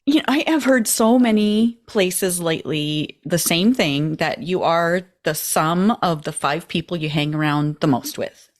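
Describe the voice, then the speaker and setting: A woman's voice: on the low side, a little slow. A woman hosting a casual interview podcast, answering with frequent laughs and affirmations. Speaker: podcast host.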